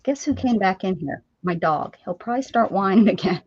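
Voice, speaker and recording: A woman's voice: mid-range voice, expressive, a little fast, a little mellow, no room sound. A woman hosting a craft livestream, chatting casually and jokingly as she opens her mail, laughing often. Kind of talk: casual chat while opening mail. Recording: dull lo-fi stream audio with faint hiss.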